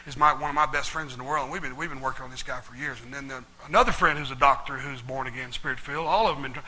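A middle-aged male pastor preaching a sermon, telling a story in a folksy, animated way. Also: medium pitch, very fast, low-quality recording. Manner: folksy, animated storytelling with Southern turns of phrase.

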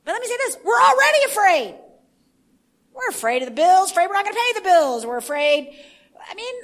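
A woman preaching a sermon in an animated way, swinging from hushed asides to shouting. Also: very high-pitched, fairly quick.

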